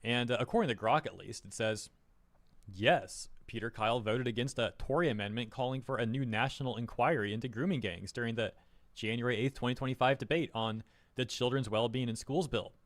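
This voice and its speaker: A man's voice: medium pitch, a little fast, no room sound. A man doing online commentary, reading news headlines aloud with wry, mocking asides.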